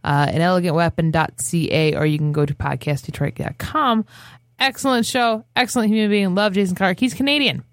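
A woman's voice: on the low side, a little fast, dry recording, clean studio sound. A woman from Michigan with a Midwestern American accent, co-hosting a podcast in a rambling, jokey, casual chat. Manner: rambling, jokey, loses her train of thought. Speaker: podcast co-host.

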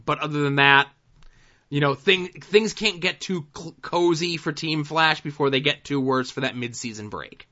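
A man's voice: fairly high pitch, normal speed, sharp tone, muffled recording. A man co-hosting a casual podcast, recapping TV episodes in a laid-back, dry way with plenty of fillers. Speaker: podcast co-host.

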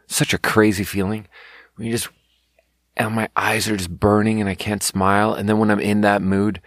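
A worn-out man in his thirties rambles through a long story in a low voice, swearing freely and mocking himself. The sound is dry and close, with no room around it. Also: little pitch movement, moderate pace, fairly bright tone, no room sound. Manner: rambling, profane, self-mocking storytelling with bursts of mimicry. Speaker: podcast host. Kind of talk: casual comedic monologue.

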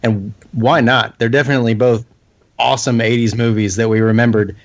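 A man's voice: mid-range voice, steady tone, a little fast, dry recording. A man co-hosting a movie podcast, enthusiastic and emphatic in casual chat. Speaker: podcast co-host.

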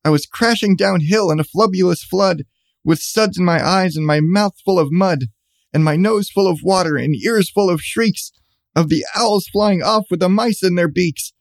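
High gravelly man reading rhymes. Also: moderate pace, no echo. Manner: bouncy rhyming read-aloud cadence. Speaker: storyteller. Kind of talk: reading a rhyming storybook aloud.

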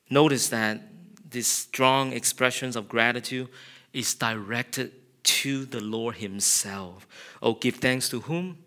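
A middle-aged man preaching a sermon, animated, acting out quotes with a raised voice. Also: mid-range voice, gravelly. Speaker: pastor.

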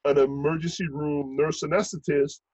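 A man's voice: on the high side, moderate pace, husky, no room sound, lo-fi sound. A man, talking casually and swearing freely as he tells stories. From Brooklyn, New York. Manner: profane, animated storyteller. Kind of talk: casual chat.

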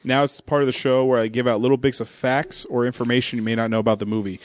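A man's voice: medium pitch, level tone. A man hosting a casual podcast, running a quiz game and reading out movie trivia. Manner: fast, reads trivia and game rules.

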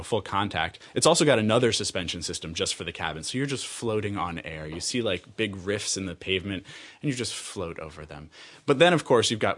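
An American man telling a personal travel story out loud, rambling and animated, often laughing and restarting his phrases. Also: sits low. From United States. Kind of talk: personal story told aloud.

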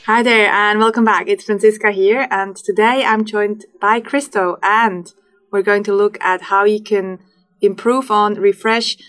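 A woman co-hosting a podcast in easygoing chat. Her voice sits at a middle pitch, and she laughs often and keeps the talk playful. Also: fairly even intonation, measured pace, a bit bright, faint music behind. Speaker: podcast co-host. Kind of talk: casual chat.

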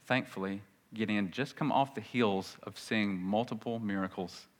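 A man preaching a sermon, emphatic, swinging between loud declarations and hushed asides, reading scripture with dramatic weight. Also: fairly low pitch, normal speed.

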